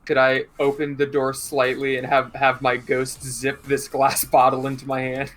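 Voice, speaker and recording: A man's voice: medium pitch, monotone, normal speed, a bit bright. A man playing in a tabletop game, talking casually and swearing freely. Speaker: player.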